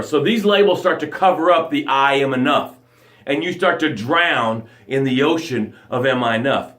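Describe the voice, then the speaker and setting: An American man hosting a live motivational show, preaching in a dramatic way that swings from loud bursts to hushed tones. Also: fairly high pitch, roomy sound. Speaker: motivational coach and show host.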